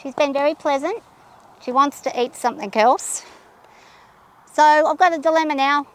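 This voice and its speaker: A woman riding a horse outdoors, talking her nerves out loud and soothing her mount in a casual vlog. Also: high-pitched, normal speed. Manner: anxious, thinking aloud, soothing her horse. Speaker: horse rider vlogger. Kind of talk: casual narration while riding. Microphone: camera held by a companion.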